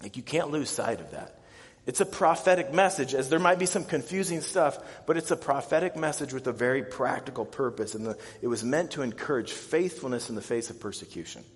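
In a large hall, a pastor in his thirties preaches fairly quickly, animating his stories by acting out scared, panicked voices. His pitch and loudness jump dramatically.

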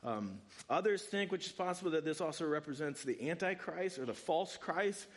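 A man giving a sermon, preaching in a conversational, animated way with asides to the congregation. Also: on the high side, moderate pace. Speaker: pastor.

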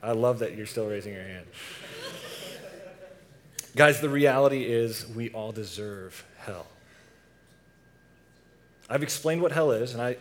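A young man delivers a relaxed sermon to a youth group at a medium pitch. He talks conversationally and keeps tossing questions out to the audience. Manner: casual, asks the audience questions.

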